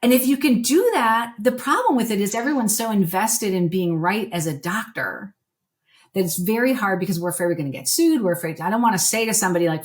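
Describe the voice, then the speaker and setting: A woman's voice: mid-range voice, expressive, quick pace. A middle-aged woman veterinarian, a guest on a podcast, telling candid stories and getting emotional as she talks. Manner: candid, emotional storyteller, voice dropping softly when moved. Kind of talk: conversational podcast interview.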